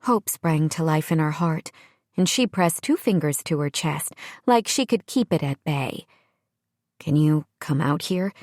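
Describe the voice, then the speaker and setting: A woman narrating a romance audiobook in a measured storytelling manner on a close studio microphone. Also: low-pitched, animated, darkish tone, dry recording. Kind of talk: scripted narration.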